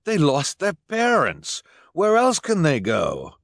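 A man's voice: a little high, wildly swooping pitch, slow pace, vocal fry, fairly bright tone, no echo, studio quality, pitched above the performer's own voice, heavily acted. A man voicing a mild, pleading male guardian.

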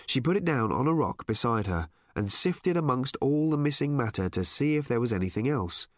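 Man with a lively, wry narrating voice. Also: mid-range voice, dry recording, studio quality. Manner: wry, measured storytelling. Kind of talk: audiobook narration.

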